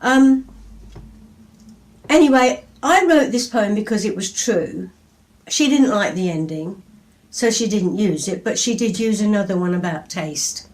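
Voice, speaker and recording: A woman in her seventies from England chats in a storytelling way and reads her own poems in a lively voice. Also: medium pitch, unhurried. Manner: chatty, anecdotal, lively reading voice. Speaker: poet. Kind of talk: storytelling and poetry reading.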